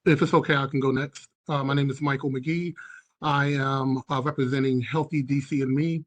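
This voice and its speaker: Steady young man, evenly pitched. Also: normal speed. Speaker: university student researcher. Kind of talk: task force introduction.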